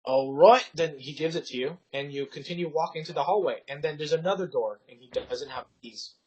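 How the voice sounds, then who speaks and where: A man's voice: on the high side, fairly quick, a little mellow, husky. A young man narrating as dungeon master, rambling through his scenes with lots of fillers. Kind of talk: narrating a tabletop game. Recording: dull lo-fi podcast audio.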